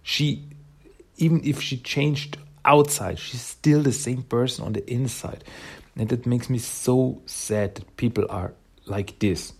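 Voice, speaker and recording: A man's voice: medium pitch, unhurried, a little mellow. A man recapping a comic book issue in casual speech, hesitant and emotional. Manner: hesitant, emotional, many fillers and restarts.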